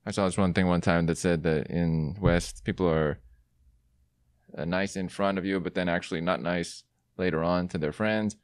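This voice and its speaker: A man's voice: low voice, fairly even intonation, moderate pace, dry recording. A man hosting a podcast, chatting casually and teasing his guest playfully. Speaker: podcast host. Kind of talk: casual conversation.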